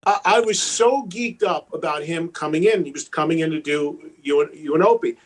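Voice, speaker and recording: A man's voice: a little high, moderate pace. A man who is a guest on a talk show, telling a story at length and acting out the people in it. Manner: animated storyteller, fond of quoted voices. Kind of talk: casual storytelling.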